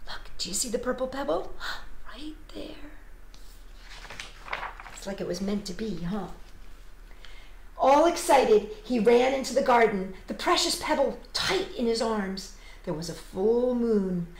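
A woman children's storyteller reading a picture book aloud, expressive and playful, talking to young viewers at home. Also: on the high side, normal speed, a little hiss or hum. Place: home, livestreamed. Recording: roomy home livestream audio.

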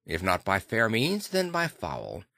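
A man's voice: fairly low pitch, huge pitch swings, measured pace, vocal fry, no room sound, studio quality, heavily acted. A man voicing a stern middle-aged lawyer demanding entry at a locked door. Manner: stern, forceful.

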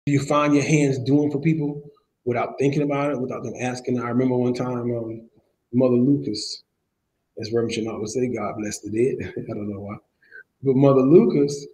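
A preacher with a warm, mid-range voice leads a church Bible study on a rough recording with slight background noise. He shares personal stories emotionally, occasionally laughing while he preaches.

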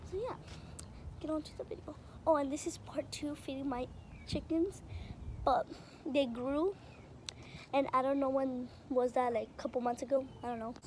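A young woman with a high voice rambles through a casual vlog, filming on a hand-held phone outdoors. She is excitable and chatty. Clucking chickens and birdsong are clearly heard behind her. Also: normal speed, long pauses, a little hiss or hum. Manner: rambling, excitable, gets loud when the chickens crowd her. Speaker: vlogger. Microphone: phone camera held in hand.

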